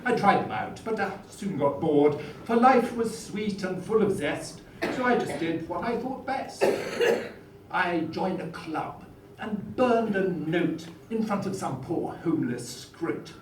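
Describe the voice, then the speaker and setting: Man doing a smug Etonian-accented toff politician reciting verse, raised lively pitch, far off in an echoey noisy hall. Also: unhurried. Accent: upper-class English (Etonian). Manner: rhyming verse recital, plummy and boastful. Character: pompous posh male prime minister, boastful rake.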